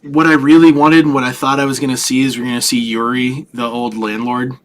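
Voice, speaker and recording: A man co-hosting a podcast who chats casually about films, speaking haltingly with lots of fillers and restarts. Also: medium pitch, little pitch movement, slight background noise. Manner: halting, stumbling, many fillers. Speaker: podcast co-host. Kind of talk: casual movie review chat.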